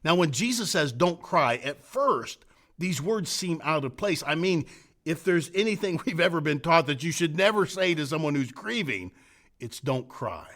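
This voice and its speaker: A middle-aged man, a senior pastor, preaching an earnest sermon, building emphatic repeated phrases and then dropping to soft, hushed lines. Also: on the high side, big pitch swings, moderate pace.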